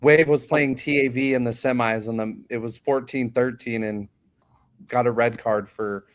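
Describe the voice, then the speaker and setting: A man's voice: mid-range voice, fairly even intonation, normal speed. Man hosting a casual chat. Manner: wraps up, moderates the conversation. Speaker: podcast host.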